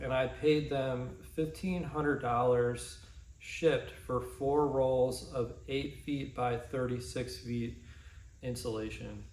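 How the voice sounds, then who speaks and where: Man, middle pitch, casual DIY walkthrough, rambling, lots of ums and restarts. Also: a little hiss or hum. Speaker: DIY vlogger. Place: pole barn workshop.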